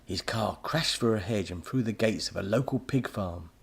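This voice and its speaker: A man narrating a children's story as an expressive audiobook reader. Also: lowish voice, normal speed, vocal fry, breathy edge.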